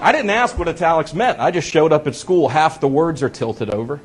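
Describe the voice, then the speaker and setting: A man telling a stand-up comedy story in an animated way, laughing through his lines, from a played clip. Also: fairly high pitch, a little fast. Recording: loud crowd and noise, played clip.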